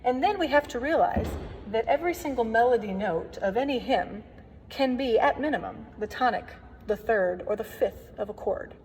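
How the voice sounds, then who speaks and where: A woman's voice: on the high side, lively intonation, normal speed, a little mellow. A woman organist giving a recorded workshop lesson on hymn playing, explaining in a friendly, chatty way with playful asides. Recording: long reverb, faint background noise.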